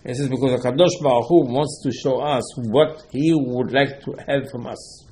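A man giving a religious lecture, his voice set at an ordinary middle pitch. He drives each point home by repeating it, jumping from quiet asides to loud insistence. His English phrasing is slightly non-native. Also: steady tone, normal speed. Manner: emphatic, repeats key points, swings between loud and soft. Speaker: rabbi giving a Torah lesson.

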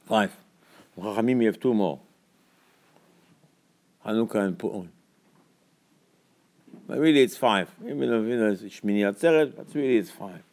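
A man giving a Torah sermon as a rabbi, preaching emphatically with repeated rhetorical questions and swinging from low, quiet explanation to loud, high scolding. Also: moderate pace, long pauses.

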